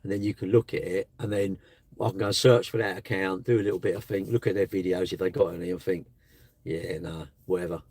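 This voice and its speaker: A man's voice: deep voice, steady tone, fast, a little mellow, slightly rough, no room sound. A man hosting a live stream, chatting bluntly and casually with his viewers. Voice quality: blunt, chatty, slangy delivery.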